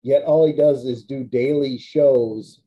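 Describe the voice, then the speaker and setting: A podcast host airs blunt opinions in loose, casual chat, with quick reactions in between. His voice is mid-pitched for a man and sounds dull and lo-fi. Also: fairly even intonation. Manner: opinionated, blunt, short interjections. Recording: dull lo-fi audio.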